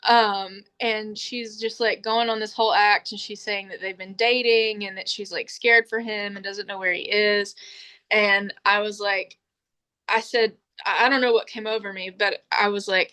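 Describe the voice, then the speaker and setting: A woman's voice: medium pitch, normal speed, clear, resonant tone. A young woman hosting a podcast, telling a story in casual chat and acting out the voices she quotes. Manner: animated storyteller, acts out quoted voices, laughs often. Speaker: podcast host.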